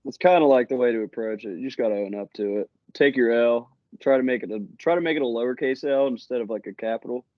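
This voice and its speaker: A man's voice: medium pitch, fast, hardly any pauses, no room sound. A man co-hosting a podcast, laid back and chuckling in casual chat. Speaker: podcast co-host. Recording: dull dry sound.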